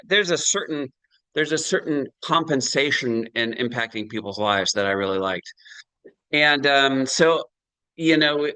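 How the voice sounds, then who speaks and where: Chatty middle-aged man pitching on a call. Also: dry recording, low-quality recording. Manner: chatty, animated, many fillers and tag questions. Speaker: presenter. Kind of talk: sales presentation on a video call. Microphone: video call.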